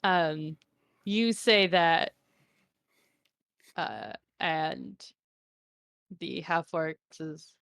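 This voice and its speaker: A woman game master with a fairly low voice narrates a tabletop session casually and jokes with her players. The sound is close and dry, with no room echo. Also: very slow, vocal fry, pauses often. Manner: relaxed, joking, with fillers.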